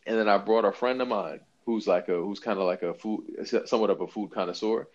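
A man co-hosting a podcast, talking in an animated, emphatic, slangy way and swearing freely. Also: fairly low pitch, fast, muffled recording. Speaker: podcast co-host. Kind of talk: casual chat. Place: New York.

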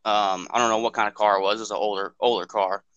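A man's voice: lowish voice, level tone, fast, fairly bright tone, clear, resonant tone, dry recording, highs cut off. A man co-hosting a podcast, telling a story in casual, profane, rambling talk and acting out what people said. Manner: profane, rambling, acts out quotes. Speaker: podcast co-host.

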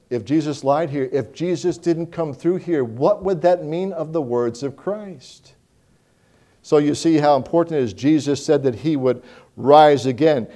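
Animated man preaching a sermon. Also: fairly high pitch. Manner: animated preaching, swinging from loud to hushed.

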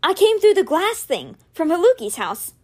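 Frightened teen boy, read by a woman, tense, defensive, straining for calm, lively pitch. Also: normal speed, full character voice. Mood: scared.

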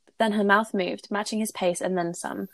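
A woman's voice: mid-range voice, steady tone, normal speed, dry recording. A woman co-host reading romantic fan fiction aloud, with giggly, embarrassed asides.

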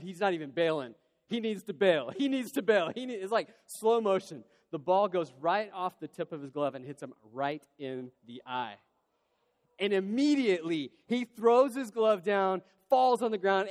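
A man preaching a sermon in a large church hall, telling a personal story in an animated, conversational way. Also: high-pitched. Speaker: pastor. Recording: long hall reverb.

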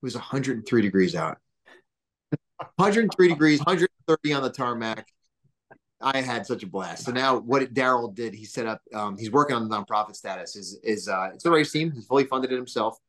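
This man, in his thirties, is a business founder and podcast guest sharing casual stories. He rambles with lots of fillers and sounds animated, using a medium-pitched voice at a slightly fast pace.

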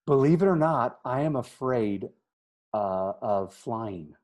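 A man, a missionary guest, answering casual questions with a joking, self-deprecating manner and halting fillers. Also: mid-range voice, lively intonation, darkish tone. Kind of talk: casual interview chat.

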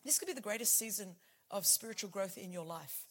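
A woman in her forties preaching a passionate sermon, swinging from hushed, intimate lines to shouted declarations. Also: medium pitch, lively intonation, fairly quick, slightly rough.

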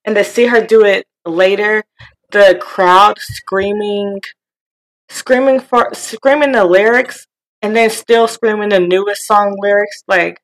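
Woman co-host, unhurried chatty delivery, middle pitch, giggles a lot. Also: low-quality recording. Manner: chatty, laughs often, trails off. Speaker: podcast co-host. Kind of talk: casual pop-culture chat.

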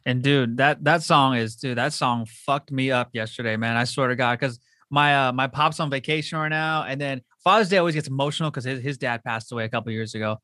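A Southern Californian man hosts a loose, casual chat, swearing freely and talking in slang. He speaks fast, with a bright, forward voice. The sound is dry and close. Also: medium pitch, no echo. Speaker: podcast host. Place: home.

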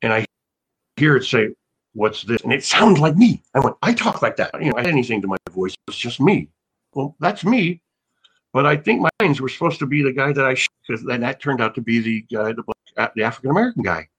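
An older man chatting casually as an interview guest. He rambles, trips over his words and restarts, and his voice sits at an ordinary middle pitch. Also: animated, fast, fairly bright tone, breathy edge. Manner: rambling, restarts often, laughs. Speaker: actor guest.

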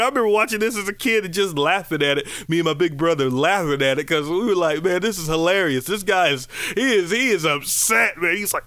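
A man preaching a lively, conversational sermon, breaking into high exclamations and playful asides. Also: brisk, hardly any pauses, no room sound.

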